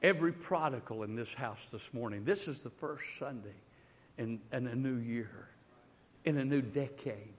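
A male pastor preaching a sermon, swinging between loud emphatic build-ups and hushed, intimate passages, often repeating words as he builds. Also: medium pitch, moderate pace, a little hiss or hum.

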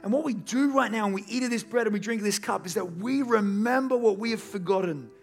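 A man's voice: high voice, fast, gravelly, soft background music. A man preaching a sermon as pastor, speaking earnestly and directly to his congregation in a church service. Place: church service in a large room.

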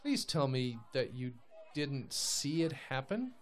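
A man's voice: medium pitch, very animated, slow pace. An actor playing a middle-aged man who asks probing, anxious questions. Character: adult man Mr Everett, prying and worried. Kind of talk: audio drama acting.

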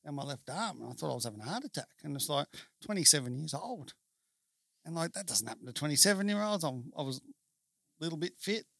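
A man's voice: on the high side, lively intonation, fairly quick, gravelly, a bit bright, dry recording, clean studio sound. A man in a casual chat telling a story with humour, acting out what people said. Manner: jokey storyteller, acts out quotes.

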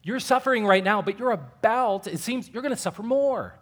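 A man preaching as a pastor in a church, animated, acting out dialogue with rising emphasis. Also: sits high, moderate pace, hardly any pauses. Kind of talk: sermon.

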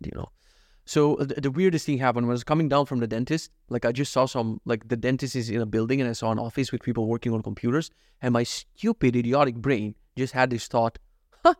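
A man's voice: mid-range voice, dry recording, clean studio sound. A man in his thirties talking in a casual diary vlog, rambling, profane and self-mocking. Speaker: vlogger.

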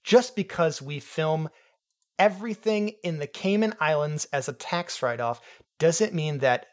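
A man's voice: on the high side, animated, unhurried, pitched above the performer's own voice. A man doing an outraged, pompous film director. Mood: indignant. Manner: insulting, self-important.

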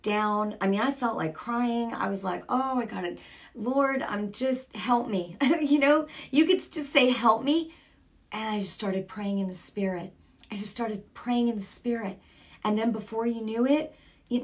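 Earnest woman preaching conversationally. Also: fairly high pitch. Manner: earnest and conversational, with bursts of emphasis. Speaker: Christian broadcaster. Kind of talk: informal preaching to a broadcast audience.

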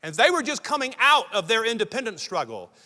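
A man's voice: very high-pitched, very animated, brisk, pushed and bright. A middle-aged American man preaching a sermon as pastor, emphatic and building lists of repeated phrases. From United States. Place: church sanctuary. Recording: long reverb of a large hall.

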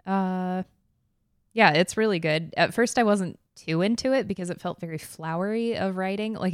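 A woman co-hosting a casual podcast, playful and excitable, quick to giggle. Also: mid-range voice, clear, resonant tone, no room sound, studio quality. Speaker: podcast co-host.

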